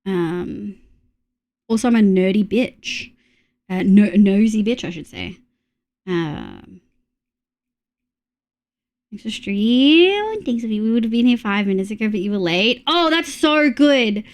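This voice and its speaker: A woman with an Australian accent chatting casually with her live-stream audience, reading chat messages and making quick asides. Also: medium pitch, very animated.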